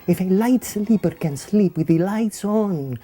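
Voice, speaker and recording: A man's voice: sits high, lively intonation, measured pace, warm tone, faint music behind. A man hosting a variety show, telling old jokes and laughing at his own punchlines. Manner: jokey, laughs at own punchlines, repeats thank you. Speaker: comedian host of a variety show. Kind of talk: stand-up joke telling.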